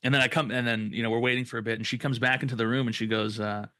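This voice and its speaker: A young man, a podcast co-host, tells a long story very fast at medium pitch. He's casual and profane, acting out the people in the story with quoted voices. No room sound.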